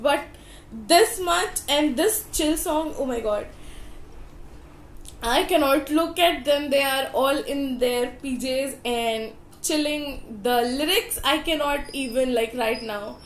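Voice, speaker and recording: A young woman hosting a casual reaction vlog, gushing and repeating words for emphasis, her voice slightly rough from the early morning. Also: sits high, slight background noise. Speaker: YouTube reaction host. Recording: echoey room.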